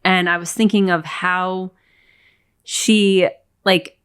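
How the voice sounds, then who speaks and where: A woman with a low voice talks casually on a faith podcast. She is animated and acts out quoted dialogue as she retells scenes. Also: slow pace, smooth. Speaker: podcast co-host.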